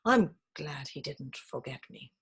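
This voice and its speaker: A deep, unhurried old teddy bear, kindly and a touch drowsy, put on by a woman reading aloud. His words come low and slow with a soft breathiness, like a picture book read at bedtime. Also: lively intonation, breathy edge, heavily acted. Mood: gentle. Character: gentle old male toy teddy bear, sleepy. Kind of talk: storybook reading.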